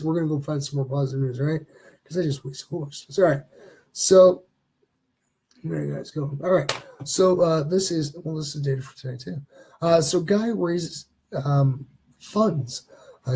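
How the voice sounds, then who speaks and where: A man's voice: on the high side, warm tone, husky. A man from Canada hosting a casual live-stream show, chatting loosely and reading viewer comments aloud as he goes. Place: home studio.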